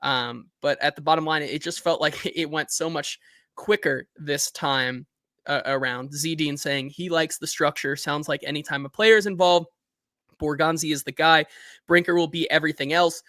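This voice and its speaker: A man hosting a sports talk show, chatting casually and reading out listener comments with animated energy. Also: on the high side, moderate pace, no echo, studio quality. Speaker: host.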